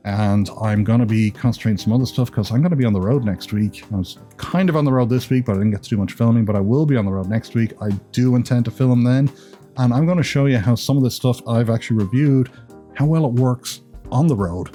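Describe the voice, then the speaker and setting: A fast-talking YouTube creator from Ireland, his accent partly Americanized, rambles through a casual vlog of creator tips and jokes at his own expense. His mid-range voice is mellow, with faint music behind him.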